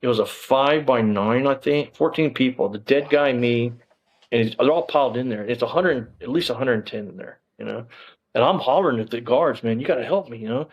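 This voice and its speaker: A man's voice: medium pitch, a little fast, husky, dull audio. A middle-aged man, telling his story as an interview guest, bluntly and emphatically, with plenty of cursing and fillers. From Texas.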